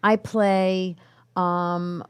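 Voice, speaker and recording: A woman's voice: fairly low pitch, flat delivery, extremely slow, clean tone. A woman guest in casual conversation, telling a story in a chatty way. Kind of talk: casual chat.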